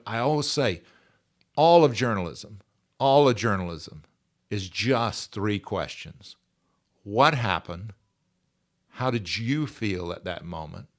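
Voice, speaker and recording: A man in his sixties, speaking as a podcast guest in an earnest, emphatic way and repeating his key phrases. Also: lowish voice. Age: 60s. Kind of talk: conversational interview.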